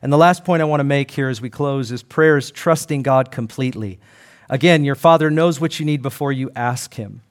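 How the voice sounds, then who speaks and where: A man's voice: medium pitch, a little fast. A middle-aged man preaching a sermon, earnest and conversational, acting out quoted voices. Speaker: pastor.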